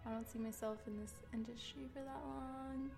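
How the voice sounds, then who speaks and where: A woman's voice: high-pitched, steady tone, normal speed, creaky, over music. A young woman in her twenties co-hosting a casual podcast chat, often breaking into giggles. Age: 20s. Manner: giggly, laughs often between lines. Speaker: podcast co-host.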